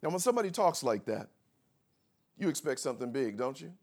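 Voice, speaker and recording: A man preaching a sermon as pastor, drawing out emphatic words, pausing for effect, and swinging between soft asides and shouted emphasis. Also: medium pitch, big pitch swings. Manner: drawn-out emphatic words with pauses.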